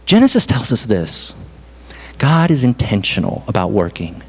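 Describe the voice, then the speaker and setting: A man preaching a sermon as pastor, in an animated, conversational way with self-deprecating asides. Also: lowish voice, moderate pace, breathy edge. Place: church hall. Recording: reverberant hall.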